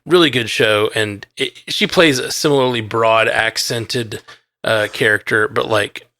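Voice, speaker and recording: A man's voice: fairly low pitch, measured pace, sharp tone, no echo. A man co-hosting a podcast, chatting casually in a review and rambling with lots of "like" and restarts. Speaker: podcast co-host.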